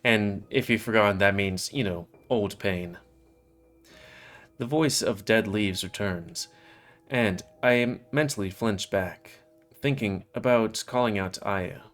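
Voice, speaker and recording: Let's player reading a visual novel in the first person; low voice, casual asides, soft music underneath. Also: male voice, slow pace.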